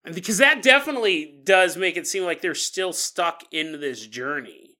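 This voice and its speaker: A man's voice: high voice, animated, normal speed, bright, forceful tone. A man hosting a podcast, telling ghost stories casually with playful, jokey asides. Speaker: podcast host. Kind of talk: casual paranormal storytelling.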